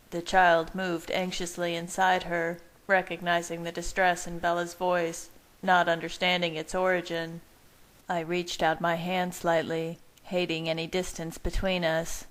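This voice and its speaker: Soft-spoken woman reading a romance story. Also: lowish voice, rough recording. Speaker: fan fiction reader. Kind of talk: audiobook-style story narration.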